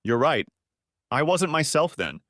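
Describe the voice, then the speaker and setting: A man's voice: fairly high pitch, big pitch swings, measured pace, fairly bright tone, no echo, pitched above the performer's own voice. A man reading the lines of a remorseful middle-aged ex-wife in a sad, pleading way, close to his own narrating voice.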